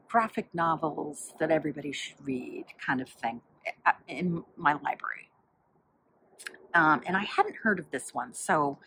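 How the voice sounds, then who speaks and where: A woman's voice: low voice, bright, forceful tone, a little hiss or hum, rough recording. A woman chatting casually about a book she read, rambling with many fillers as she flips through its pages to find examples. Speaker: book vlogger.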